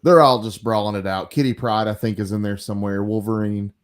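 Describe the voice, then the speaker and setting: A man with a lowish voice co-hosts a casual comic chat. he stays calm and agreeable, summing up the pages in an even, easygoing way. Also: fairly quick. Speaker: co-host.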